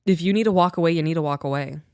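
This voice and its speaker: A woman's voice: low voice, rapid-fire, darkish tone, clear, resonant tone, no echo, studio quality. A woman co-hosting a podcast, talking openly and emotionally about her relationship in casual chat, swearing freely. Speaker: podcast co-host.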